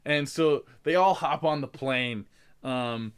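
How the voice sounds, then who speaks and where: A man in his podcast co-host seat, walking through a movie plot in a loose, rambling way. His pitch sits in an ordinary middle range, and he keeps stopping to restart sentences and drop in fillers as he goes. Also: slow, clean tone. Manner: rambling storytelling with many fillers and restarts, acting out characters' lines. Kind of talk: casual chat, retelling a movie plot.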